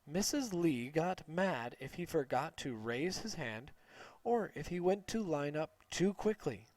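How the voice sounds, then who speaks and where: A man reading a children's story aloud slowly and clearly for English learners. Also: on the high side, no echo. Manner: slow, clear, expressive.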